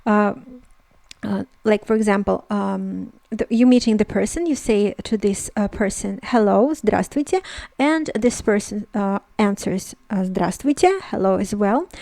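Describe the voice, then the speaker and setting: A woman whose first language is Russian teaches a language lesson in English, explaining slowly with many fillers and repeating each phrase. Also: medium pitch, dark tone, dry recording.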